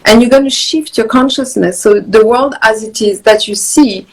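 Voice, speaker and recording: A woman's voice: fairly high pitch, moderate pace, poor audio. A woman with a French accent on a video call, talking earnestly about balance and meditation, repeating words as she goes. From France. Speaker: guest, wellness author. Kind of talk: casual video chat on meditation. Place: countryside home.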